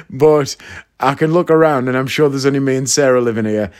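A man's voice: medium pitch, fast talker. Chatty man from northeast England telling stories. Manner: chatty, animated anecdote-telling with asides to listeners. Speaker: comedian. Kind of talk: casual storytelling.

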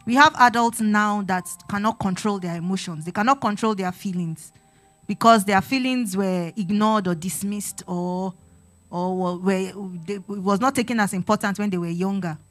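A woman's voice: medium pitch, normal speed. An earnest woman preaches to a congregation in a sermon-style teaching. She exhorts her listeners and repeats phrases for emphasis. Faint music plays behind her. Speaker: church speaker on parenting.

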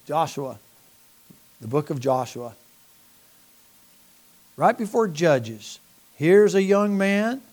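A man's voice: fairly high pitch, darkish tone. A man preaching a sermon to a congregation, asking for amens, reading scripture aloud in old King James wording, often repeating and restarting his words with chuckling asides.

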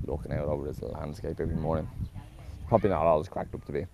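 Very deep gravelly man, rambling casually. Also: steady tone, quick pace, darkish tone, a little hiss or hum. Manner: meandering, self-correcting, swears casually.

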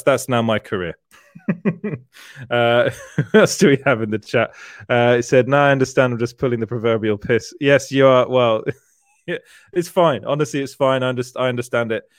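A man's voice: medium pitch, normal speed, dry recording, studio quality. Chatty laughing male stream host. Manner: chatty, laughs often, self-deprecating, rambling with restarts. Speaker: livestream host, entertainment journalist. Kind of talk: casual livestream chat reading viewer comments.

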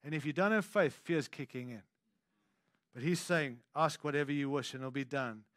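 Pastor guy preaching, high-ish voice, goes quiet and soft then loud and punchy, chats to the crowd, dry close sound. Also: normal speed, no room sound. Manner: swings from hushed intimate lows to loud emphatic declarations; conversational asides to the congregation. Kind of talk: sermon.

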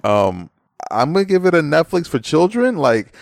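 An American man in his thirties, co-hosting a casual movie review chat, joking and expressive. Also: fairly high pitch, moderate pace, gravelly, dry recording, clean studio sound.

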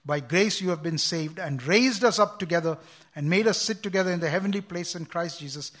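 Male preacher, high voice, bright tone, earnest sermon, restarts often. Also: a little fast. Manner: earnest, repeats words and restarts, quotes scripture with emphasis.

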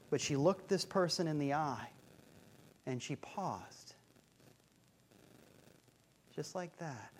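Male pastor, sermon, humorous storyteller, repeats key lines for emphasis. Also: high voice. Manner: conversational, humorous storytelling with rhythmic repetition.

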